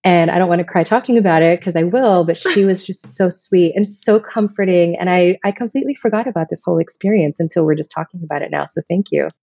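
A woman's voice: fairly low pitch, fast talker, hardly any pauses, mellow, slightly rough, dry recording, highs cut off. A woman in her thirties from Vermont, telling personal stories in a casual, emotional, rambling way as a podcast guest. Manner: emotional, rambling, many restarts.

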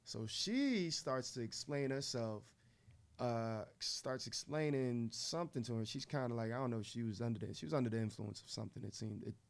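Animated man telling a story on radio. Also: medium pitch, normal speed, vocal fry. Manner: animated, laughing storyteller, acts out voices. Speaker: radio show co-host. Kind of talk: casual storytelling on a morning show.

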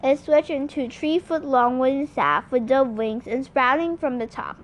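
A woman's voice: high voice, moderate pace. A woman reading a novel aloud in a plain storytelling manner. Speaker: audiobook reader.

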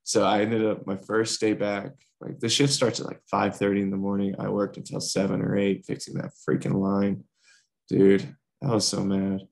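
A man's voice: lowish voice, monotone, normal speed, vocal fry. A young man co-hosting a podcast, casually telling a rambling workplace story with lots of fillers. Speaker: podcast co-host.

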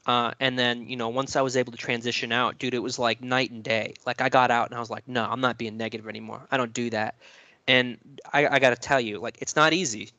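Casual male co-host with an average-pitched voice, cursing storyteller, dry mic. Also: steady tone, fast talker, pushed and bright, dry recording. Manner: rambling, profane, lots of fillers.

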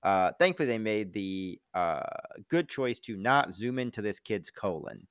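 A man co-hosting a casual podcast chat, rambling with lots of filler words and quick jokes. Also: on the low side, expressive, clean tone, no room sound, clean studio sound. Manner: rambling, full of filler "like", jumps into silly voices. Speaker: podcast co-host.

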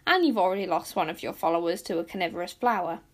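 A woman's voice: on the low side, animated, quick pace, pitched below the performer's own voice. Woman voicing a weary, sighing old raven. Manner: dry, sighing, foreboding. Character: gloomy, weary old male raven of omen. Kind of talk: storybook reading.

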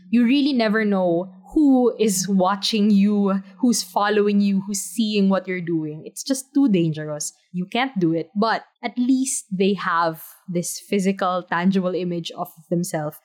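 Woman, casual video review, gushing, emphatic, lots of "like" and "you know", middle pitch. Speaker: drama reviewer. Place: her room.

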